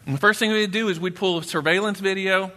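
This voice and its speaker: Bright-voiced Texan pastor preaching in a reverberant hall. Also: male voice, fairly even intonation, fast talker. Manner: conversational preaching, acts out the doubter in a low grumbling voice. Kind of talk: sermon. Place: church. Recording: long reverb in a church hall.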